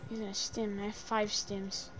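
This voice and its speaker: A young woman streaming a game, chatting casually, swearing and yelling in panic between low mutters. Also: level tone, moderate pace, over music. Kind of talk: casual gameplay chat.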